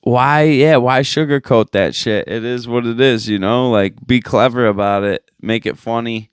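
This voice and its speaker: A man's voice: mid-range voice, moderate pace, clean tone, no echo, studio quality. Profane ranting podcast host man. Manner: swearing, exasperated ranting. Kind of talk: profane casual rant.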